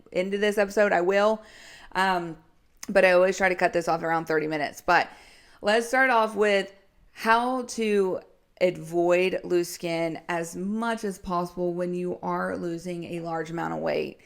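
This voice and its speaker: A young adult woman with a slightly low speaking pitch hosts a casual solo podcast on weight loss. She is candid and chatty, slipping into self-deprecating asides and laughing often as she talks. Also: gravelly. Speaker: health and weight loss coach, podcast host.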